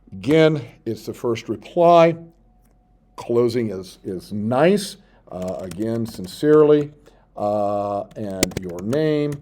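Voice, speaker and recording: A male teacher giving a step-by-step tutorial, reading his sample text aloud slowly as he types it. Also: on the low side, lively intonation, noisy background. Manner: explains step by step, reads out sample text slowly while typing. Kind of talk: screen-recorded tutorial.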